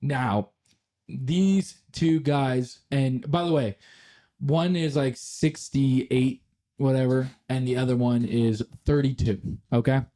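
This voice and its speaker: A man's voice: mid-range voice, fairly even intonation, takes it slowly, dark tone. A young man, co-hosting a podcast and telling a long workplace story in casual chat. He rambles, laughs often and swears freely. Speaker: podcast co-host.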